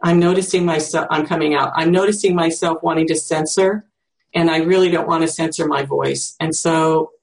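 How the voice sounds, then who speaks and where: A speaker in their sixties, teaching by demonstration, talking slowly and reflectively, searching for words and thinking aloud with pauses. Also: mid-range voice, gravelly. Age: 60s. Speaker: teacher demonstrating self-empathy.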